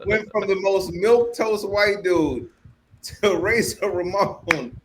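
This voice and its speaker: Expressive man with slightly raised pitch. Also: takes it slowly, noisy background. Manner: expressive, laughs while telling stories. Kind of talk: casual podcast chat.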